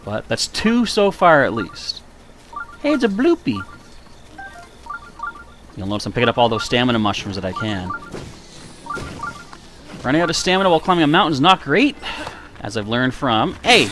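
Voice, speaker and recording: A man's voice: mid-range voice, big pitch swings, moderate pace, pauses often, over music. A man streaming a video game live, chatting casually with viewers in a self-mocking way, with a slightly nasal voice. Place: warm room indoors.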